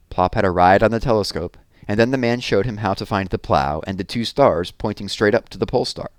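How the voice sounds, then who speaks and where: A man reading a children's story aloud with a lively, expressive delivery. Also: on the low side, fairly quick, hardly any pauses, no room sound, studio quality. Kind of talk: children's book read-aloud.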